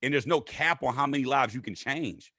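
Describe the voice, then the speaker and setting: Fast-talking animated man telling a story. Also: dry recording, studio quality. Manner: animated, acts out quotes in high voices. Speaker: guest. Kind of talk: casual storytelling interview.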